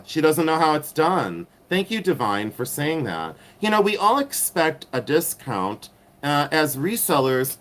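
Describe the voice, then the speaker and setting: A middle-aged man hosting a casual live stream, rambling with many ums and turning sassy and catty when riled. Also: mid-range voice.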